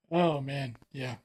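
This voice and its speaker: A man's voice: mid-range voice, a little mellow. A man co-hosting a casual podcast, rambling and joking with lots of "you know". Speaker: podcast co-host. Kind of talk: casual chat.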